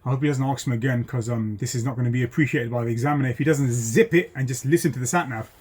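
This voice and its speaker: Husky-voiced man telling a story. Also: medium pitch, rapid-fire. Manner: animated, acts out voices, many ums. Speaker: driving instructor. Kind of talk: casual storytelling.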